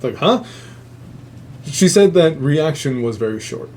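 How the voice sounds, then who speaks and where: A man's voice: mid-range voice, expressive, a little slow, darkish tone, a little hiss or hum. Profane rambling man telling a story. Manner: profane, rambling, laughs at own jokes. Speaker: host. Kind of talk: casual storytelling.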